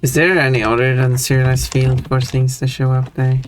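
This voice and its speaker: A man's voice: mid-range voice, little pitch movement, moderate pace, soft background music. A man in casual stream chat who thinks aloud, chatty and easily drawn into tangents about language.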